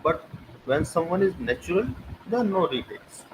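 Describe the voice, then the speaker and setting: A man's voice: sits high, expressive, normal speed. A man with an Indian English accent giving an online lecture as a teacher, emphatic, posing rhetorical questions and repeating key phrases. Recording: noisy recording with clicks.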